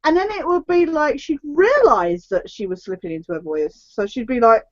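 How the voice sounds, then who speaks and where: Giggly high-voiced woman. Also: moderate pace, dull audio. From just south of London, England. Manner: giggly, self-deprecating, chatty. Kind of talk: casual online chat.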